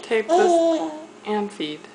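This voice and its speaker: A woman's voice: high voice, sing-song, drawn-out words, dark tone, a little hiss or hum. A young woman cooing at her baby in sing-song baby talk while feeding him on a home video camera. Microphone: handheld camera mic.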